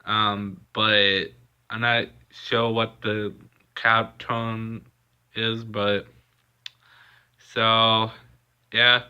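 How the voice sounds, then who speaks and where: Young guy telling a story on his vlog, bright clear voice, dull lo-fi sound, lots of ums. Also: on the low side, little pitch movement. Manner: halting, many fillers and pauses. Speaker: vlogger. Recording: dull lo-fi recording.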